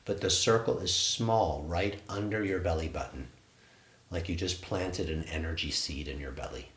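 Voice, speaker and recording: A man from England, a qigong instructor, leading a guided standing meditation in a soft, slow voice. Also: low-pitched, reverberant.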